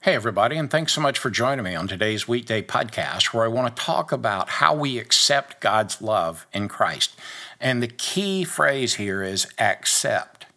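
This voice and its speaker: A man's voice: mid-range voice, pushed and bright. A man giving a short devotional podcast message as a pastor, earnest and conversational, repeating key phrases for emphasis.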